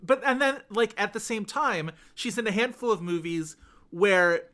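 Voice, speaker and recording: A man's voice: sits high, lively intonation, moderate pace, a bit bright. A man co-hosting a podcast, talking in a chatty, rambling way full of fillers. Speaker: podcast co-host. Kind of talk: casual chat.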